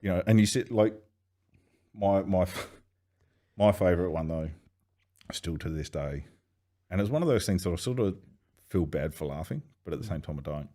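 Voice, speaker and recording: Deep-voiced man telling stories. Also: normal speed, pauses often. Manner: swearing, animated anecdotes with quoted voices. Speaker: podcast guest. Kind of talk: casual storytelling chat.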